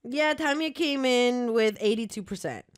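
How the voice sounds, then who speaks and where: A woman's voice: a little high, animated, moderate pace, no echo, clean studio sound. A woman hosting a podcast in a chatty, casual way, running the show's segments. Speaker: podcast host. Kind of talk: casual chat.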